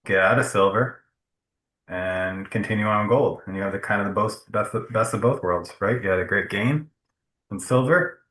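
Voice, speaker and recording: A man's voice: fairly low pitch, moderate pace, fairly bright tone. A man coaching a trader through his decisions, reassuring and asking leading questions. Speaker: trading coach. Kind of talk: casual trading chat. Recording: roomy echo.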